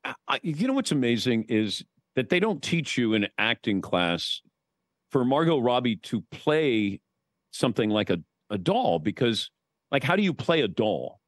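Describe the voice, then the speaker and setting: A man's voice: mid-range voice, normal speed, no echo. A man telling stories as a guest in a casual podcast chat, swearing casually now and then. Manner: storytelling, lively, swears casually.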